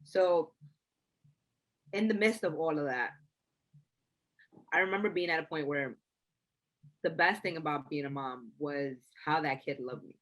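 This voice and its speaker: A woman's voice: deep voice, unhurried, pauses often, a bit bright, rough recording. A woman co-hosting a podcast, chatting casually, blunt and reflective. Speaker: podcast co-host. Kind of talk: casual chat.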